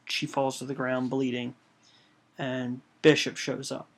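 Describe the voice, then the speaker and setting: A man pitching a storyboard, walking through the scenes hesitantly with many fillers. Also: monotone, measured pace. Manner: hesitant, full of "um" and "you know".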